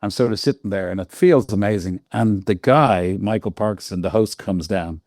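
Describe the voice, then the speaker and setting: An Irish man in his sixties, a guest on an interview show, telling lively stories full of laughs and quoted voices. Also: on the low side, moderate pace, no room sound, clean studio sound. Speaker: guest lighting designer. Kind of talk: casual interview storytelling.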